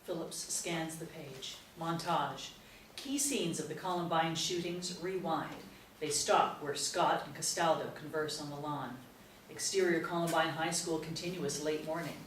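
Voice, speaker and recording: A woman narrates stage directions in a crisp, matter-of-fact way. Her voice is low for a woman. She is heard from a distance in a roomy space, with a faint hiss underneath. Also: fairly even intonation, measured pace. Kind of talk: screenplay table read narration.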